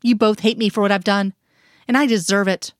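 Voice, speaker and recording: A woman's voice: mid-range voice, fairly even intonation, brisk, dry recording, clean studio sound, lightly acted. A woman reading as a tearful, desperate wife. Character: distraught woman, crying wife. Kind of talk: audiobook reading.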